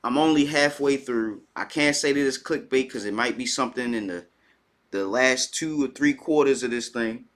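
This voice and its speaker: A man hosts a reaction video, pausing a clip to give blunt, skeptical commentary and wry self-deprecating asides. His voice is bright and sharp-edged, at a middle pitch. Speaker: channel host reacting to a clip.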